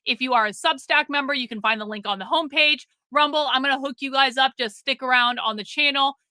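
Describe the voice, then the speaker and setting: A middle-aged woman hosts a casual livestream with a high, bright voice. She is blunt and profane as she scolds viewers in the chat. The recording is dry and close. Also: quick pace, dry recording. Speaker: livestream host.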